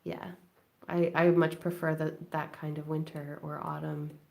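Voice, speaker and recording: Brief: woman live-stream crafting host, lowish creaky voice, chatty and rambling, laughs often. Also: little pitch movement, a little slow, a little mellow. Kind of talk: late-night casual chat while crafting. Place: at home indoors.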